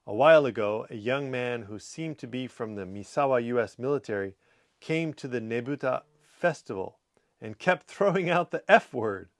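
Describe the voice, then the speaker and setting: Relaxed man reading viewer comments. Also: normal speed. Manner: reads viewer comments aloud, relaxed and chatty; breaks into playful high scolding voices. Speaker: host. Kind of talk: casual livestream comment reading.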